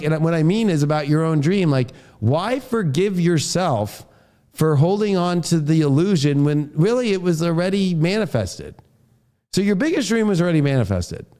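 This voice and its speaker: A man with a high-pitched voice delivers an astrology forecast as a fierce, expletive-heavy rant. He is a father and talks in a heated, combative way. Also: dark tone. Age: adult, a father. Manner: heated, profane ranting.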